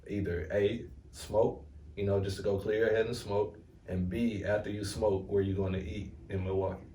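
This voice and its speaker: A man hosting a casual interview, asking relaxed questions in slangy talk. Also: on the low side, moderate pace. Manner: relaxed, prompting questions with slang and short backchannels. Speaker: host. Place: room in Michigan, recorded from a distance. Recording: roomy echo, distant mic, faint noise.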